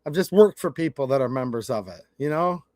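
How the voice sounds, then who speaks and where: A man's voice: medium pitch, animated, brisk, dark tone, no room sound, clean studio sound. A man hosting his own channel, talking bluntly and casually in a folksy way as he gives his opinions to camera. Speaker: channel host.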